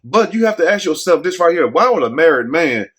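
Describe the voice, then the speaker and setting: A man hosts a casual storytelling commentary with a slightly raised pitch. He talks bluntly and jokingly, throwing rhetorical questions at his listeners. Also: sing-song, brisk, a bit bright, husky. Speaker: commentary show host.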